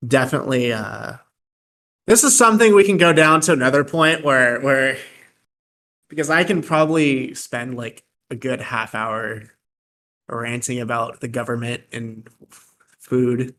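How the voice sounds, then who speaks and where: A man's voice: mid-range voice, unhurried, long pauses, sharp tone. A young man co-hosting a podcast, joking around in casual, crude banter. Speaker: podcast co-host. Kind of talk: casual chat.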